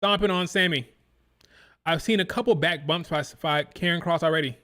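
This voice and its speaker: A man's voice: a little high, moderate pace, sharp tone. Chatty man mimicking crowd chants. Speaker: live stream reaction host. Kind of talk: casual wrestling watch-along commentary.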